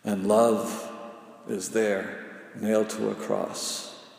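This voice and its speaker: A man delivers a sermon in an unhurried, measured rhythm, his low voice rough with gravel. He builds phrase on phrase with long pauses and often sinks to a hushed, intense murmur. The words ring out through a large hall with a long, trailing reverb. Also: level tone. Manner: slow, repetitive cadence with dramatic pauses, often dropping to a hushed intensity. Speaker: preacher.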